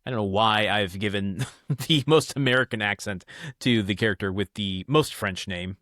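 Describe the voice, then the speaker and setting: A man's voice: fairly low pitch, moderate pace, fairly bright tone, no echo, studio quality. Man musing casually over a novel. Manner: musing, self-correcting, with fillers. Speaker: audiobook reader and podcaster.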